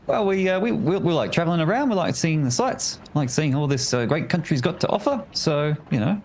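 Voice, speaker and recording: A man voicing an easygoing, well-traveled New Zealander who talks in a relaxed, hesitant way. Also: a little high, a little fast, slight background noise.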